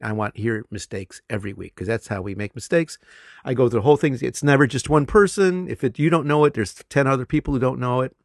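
A middle-aged man, a teacher, telling classroom stories in casual conversation, animated and laughing often. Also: mid-range voice, fast, creaky, no echo, clean studio sound. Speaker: English teacher.

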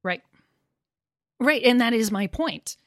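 A woman explaining pronunciation teaching, acting out example phrases with rising and falling intonation, animated and laughing easily. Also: on the high side, slow, dry recording, clean studio sound. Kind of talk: conversational discussion about teaching.

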